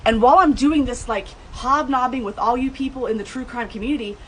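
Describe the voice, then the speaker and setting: A woman's voice: fairly quick, a bit bright, slight background noise, low-quality recording. Heated, blunt woman telling her story. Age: adult, over 30. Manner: blunt and heated, swears, rises to high outbursts. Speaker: true crime vlogger telling her mother's case. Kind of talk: emotional first-person storytelling.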